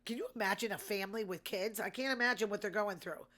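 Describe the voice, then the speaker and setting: A woman talks through the news in a loose, casual commentary. She is indignant and sarcastic and keeps firing off rhetorical questions. Her voice sits at an ordinary middle pitch for a woman. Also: quick pace, fairly bright tone. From Massachusetts. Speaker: host.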